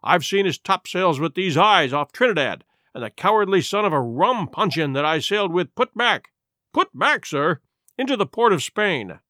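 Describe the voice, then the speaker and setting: Hot-headed old squire, played by a male narrator: loud, exclamatory, lively pitch swings. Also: normal speed, no room sound, studio quality, full character voice. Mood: indignant. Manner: exclamatory, blustering.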